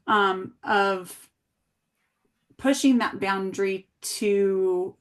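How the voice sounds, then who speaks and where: A woman working as an early childhood coach, reflecting back and asking gentle guiding questions in a coaching conversation. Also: medium pitch, fairly even intonation, very slow.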